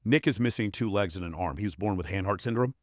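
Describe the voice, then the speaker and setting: A man's voice: on the low side, quick pace, no echo, clean studio sound. Blunt, profane man on a podcast. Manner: blunt, profane, emphatic storytelling. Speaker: podcast guest. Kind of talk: casual interview conversation.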